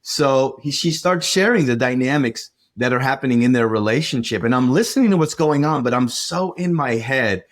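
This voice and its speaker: A man co-hosting a relationship podcast, recounting a personal story in a steady, measured way. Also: mid-range voice. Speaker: relationship coach and podcast co-host.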